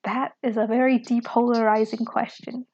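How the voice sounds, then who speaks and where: A woman reading from a book and reflecting on it in an earnest, unhurried way, often asking "right?" and adding "you know". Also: a little high, little pitch movement, a little mellow, dull audio. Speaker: book commentator.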